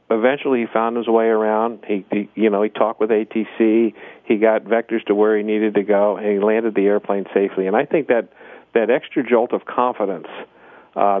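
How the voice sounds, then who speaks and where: Low-voiced flight instructor on a phone line. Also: male voice, no echo. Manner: rambling, with frequent restarts. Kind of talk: storytelling in a casual interview.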